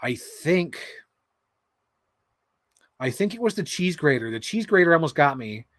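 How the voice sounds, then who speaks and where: Excitable rambling man, dry close sound. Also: a little high, a little slow, dry recording. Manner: rambling, excitable, swears, acts out quotes. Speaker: toy unboxing vlogger. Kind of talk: casual chat while building a figure.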